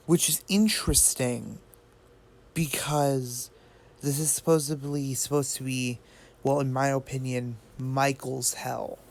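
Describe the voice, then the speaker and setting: A man's voice: mid-range voice, steady tone, slow, vocal fry. A man talking casually about a video game theory. He rambles and thinks aloud, often restarting and adding fillers. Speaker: gaming video creator.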